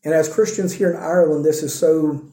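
High-voiced pastor preaching in an echoey church. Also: male voice, fairly even intonation, a little fast, warm tone. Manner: preaching with rhetorical questions to the congregation. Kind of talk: sermon.

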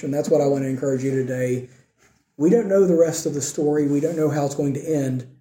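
A pastor preaches a sermon with earnest emphasis, his voice a little high. He swings between raised, emphatic points and soft, quiet asides, and the room is echoey.

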